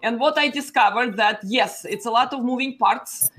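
Woman, Russian accent, playful, teasing, higher voice, video call. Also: moderate pace, a bit bright. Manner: playful, teasing, tags "okay?". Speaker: panel guest. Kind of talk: casual panel chat.

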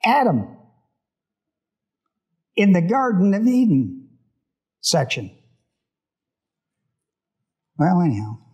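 A man's voice: high voice, wildly swooping pitch, takes it slowly, pauses often, a little mellow, breathy edge. A male pastor reading scripture in a Bible study sermon, stopping often to put questions to his congregation.

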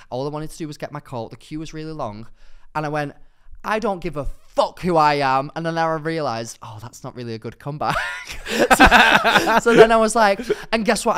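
A man's voice: a little high, smooth. A man in his twenties co-hosting a podcast, chatting casually and expressively, swearing and acting out what people said. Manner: expressive, swears freely, acts out quotes. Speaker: podcast co-host. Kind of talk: casual chat.

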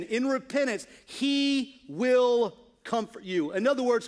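A male pastor preaching a sermon in church, earnest, moving from hushed asides to emphatic, stressed points. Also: very high-pitched.

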